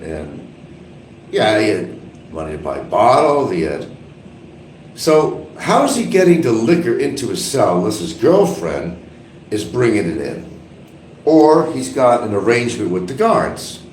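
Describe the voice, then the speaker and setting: Male streamer, low-pitched and animated, rambles gossip from an echoey bathroom with a fan humming. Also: a little hiss or hum. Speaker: live streamer. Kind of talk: casual rambling commentary. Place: small bathroom with an exhaust fan running.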